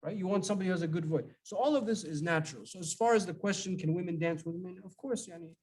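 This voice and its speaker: Middle-aged man, fairly high voice, chatty storytelling, restarts sentences. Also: fast, darkish tone, poor audio. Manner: conversational, storytelling, with many restarts. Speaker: religious scholar answering questions. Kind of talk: informal Q&A talk.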